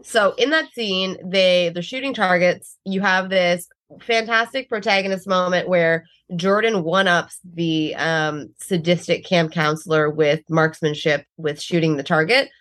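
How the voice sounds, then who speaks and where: A woman's voice: on the low side, measured pace, a bit bright. A woman co-hosting a casual movie review chat, enthusiastic and emphatic, who swears casually. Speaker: podcast co-host.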